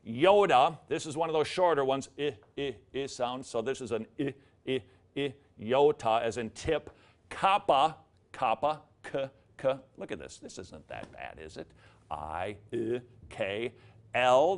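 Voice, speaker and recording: A man walks through letter sounds in a casual lesson, sounding them out again and again. He drops in dry little jokes between letters. His voice sits at an ordinary middle pitch. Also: clean tone. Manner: jokey asides, repeats sounds aloud. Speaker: teacher. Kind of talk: casual video lesson on the alphabet.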